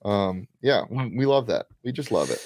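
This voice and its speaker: A man's voice: medium pitch, very animated, normal speed, darkish tone, no room sound, studio quality. Upbeat male sports-betting show host. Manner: upbeat, enthusiastic, with frequent fillers. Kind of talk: casual sports betting chat.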